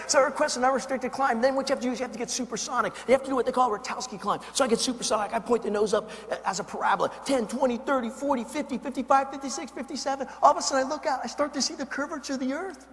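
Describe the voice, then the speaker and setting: A male motivational speaker telling a story on stage in an animated, dramatic way. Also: very high voice, very fast. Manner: animated, dramatic, builds excitement. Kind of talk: keynote storytelling. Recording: long hall reverb, faint noise.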